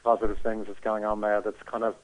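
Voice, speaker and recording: A man's voice: fairly low pitch, monotone, quick pace. A man speaking as a radio guest, easygoing and hesitant with fillers. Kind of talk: phone interview. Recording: tinny phone line.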